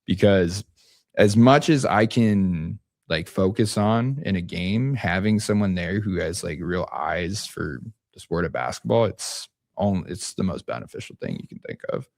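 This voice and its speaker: Very deep-voiced laid-back young man. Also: lively intonation, a little slow, creaky, darkish tone, dry recording, clean studio sound. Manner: laid-back, rambling with many restarts. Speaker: basketball coach guest. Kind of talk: casual podcast chat.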